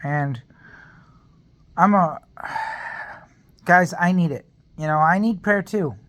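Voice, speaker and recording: A man's voice: high-pitched, slow pace, fairly bright tone. A man talking to camera in a personal vlog, earnest and rambling as he shares a faith testimony and speaks openly about being in pain. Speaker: vlogger.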